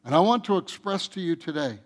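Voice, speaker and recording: A man preaching a sermon to his church, his voice sitting slightly high for a man. He builds in fervent, repetitive runs that swell loud and then drop back to a quieter teaching tone. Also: expressive, fairly quick. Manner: impassioned preaching, rising loud in emphatic runs, repeating phrases. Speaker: pastor.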